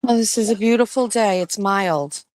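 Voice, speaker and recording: A woman talking casually in a morning vlog, softly coaxing her pets along. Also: medium pitch, normal speed, no echo. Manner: soft, coaxing talk to pets. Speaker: vlogger.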